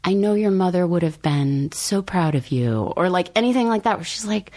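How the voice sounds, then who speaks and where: A woman author talking as a podcast guest, with a notably low voice. She is thoughtful and unhurried, hedges with fillers and laughs easily. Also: lively intonation, a little mellow. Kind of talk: casual conversation.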